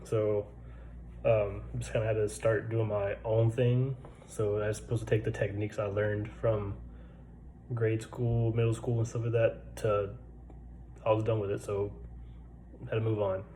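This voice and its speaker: A man's voice: on the low side, level tone, normal speed, pauses often, mellow, slight background noise, rough recording. A man in his twenties who stutters, telling his own story in a laid-back, casual way with lots of fillers, recorded in a barracks room. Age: 20s. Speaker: vlogger.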